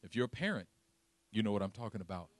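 A man's voice: fairly low pitch, fast, no echo. A man preaching a sermon as a pastor, telling stories with humor and laughing along the way. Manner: humorous, animated storytelling with laughs.

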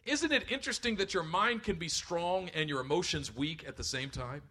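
Middle-aged male pastor, husky and high-pitched, animated sermon delivery. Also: normal speed. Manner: animated preaching, acts out voices in stories.

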